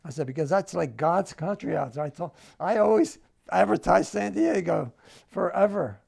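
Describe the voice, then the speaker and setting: A man's voice: high voice, normal speed, creaky, a little mellow. An older man with a New Jersey accent, telling family stories in an oral history interview at home and acting out the dialogue. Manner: storytelling, acts out quoted dialogue.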